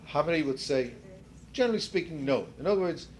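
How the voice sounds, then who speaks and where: A man's voice: on the high side, animated, fast, a little hiss or hum. An older man leading a seminar discussion in a conversational lecturing way, rephrasing as he goes and putting questions to the group. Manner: conversational, restarts and rephrases mid-sentence. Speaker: seminar leader.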